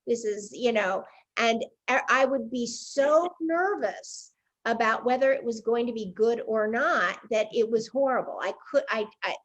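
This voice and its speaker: A woman in her sixties hosting a casual interview, candid and a little rambling. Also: a little high. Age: 60s. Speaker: show host. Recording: somewhat dull, lo-fi sound.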